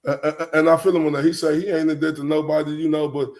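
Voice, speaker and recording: A man with a drawl hosts a loose, chatty livestream, his voice sitting a touch higher than most men's. He rambles in easy slang, circles back on himself, and keeps bursting out laughing. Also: level tone, fast, a little mellow. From Texas. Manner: rambling, slang-heavy, breaks into laughter often. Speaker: livestream show host. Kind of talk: casual livestream chat.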